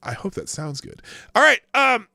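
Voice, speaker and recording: A man hosting a casual live news stream, mocking the headlines with sarcastic asides, laughing often and jumping from loud outbursts to low mutters. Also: big pitch swings, moderate pace, vocal fry, no room sound.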